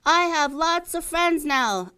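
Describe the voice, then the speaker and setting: A woman's voice: high voice, expressive, slow, bright, forceful tone, pitched above the performer's own voice, full character voice. A woman voicing a curious young male beaver in a read-aloud storybook, with an eager, questioning manner. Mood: delighted.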